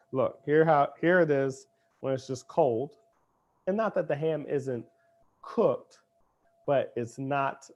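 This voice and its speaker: A man's voice: on the high side, highs cut off. A man hosting a cooking demonstration in a kitchen, talking in a playful, chatty way as he cooks. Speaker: cooking show chef.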